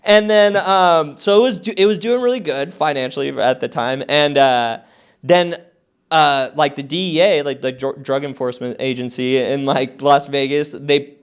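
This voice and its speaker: A man in his thirties telling his story as a podcast guest, animated, swearing a lot and filling his talk with "like". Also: on the high side, moderate pace, clear, resonant tone. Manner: many fillers like "like" and "uh". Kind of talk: casual storytelling interview.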